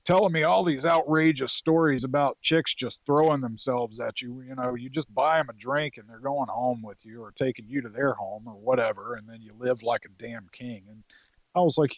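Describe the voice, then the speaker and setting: Speaking as a guest on a podcast, a roughly forty-year-old former Marine from North Carolina spins a loose, profane yarn from his service days, peppered with fillers. He talks at a moderate pace in a middling pitch, captured up close in a dry space with almost no reverb.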